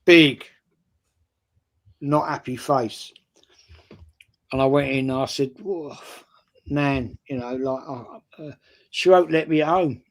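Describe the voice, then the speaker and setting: This fan channel panelist is an older man from North London whose mid-range voice moves at a measured pace with long pauses. Chatting casually in a London accent, he spins a lengthy anecdote about his own life, repeatedly asking "right?"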